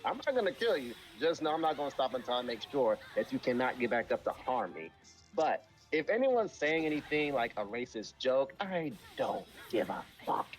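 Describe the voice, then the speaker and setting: A man's voice: medium pitch, sing-song, moderate pace, faint music behind. A man in casual chat on a live stream, talking bluntly and emphatically with plenty of swearing.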